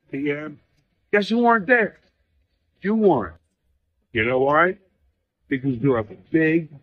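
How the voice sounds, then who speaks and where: A man's voice: fairly high pitch, dry recording. A man delivering a mocking, profane, insulting video message. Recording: dull lo-fi recording.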